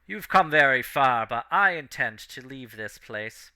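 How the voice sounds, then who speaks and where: A man doing an ancient elder brain that speaks straight into your mind, calm, formal and quietly threatening. The voice is bright and crisp, and every word comes out clean and controlled. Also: mid-range voice, measured pace, full character voice. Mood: coldly threatening. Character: ancient male elder brain, cold and commanding.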